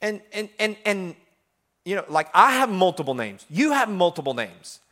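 Animated preacher man with a high voice. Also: normal speed. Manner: animated, swings between loud and hushed; conversational, full of fillers. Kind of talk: sermon.

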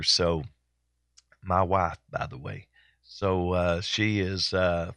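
An older man, hosting a church broadcast in a folksy, rambling way full of pauses and fillers. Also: deep voice, no echo. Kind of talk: casual chat.

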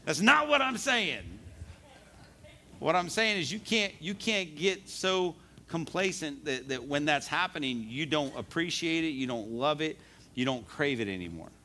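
A man's voice: fairly high pitch, lively intonation, a little slow, pushed and bright, slight background noise. A man preaching a sermon in a conversational way, repeating words as he talks and reading scripture aloud. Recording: live service recording.

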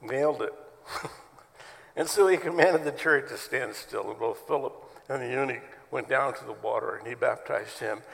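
A man's voice: medium pitch, moderate pace, gravelly, a bit bright, in a large hall, poor audio. A man preaching a sermon as pastor to his church, telling stories in a conversational way. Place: church sanctuary.

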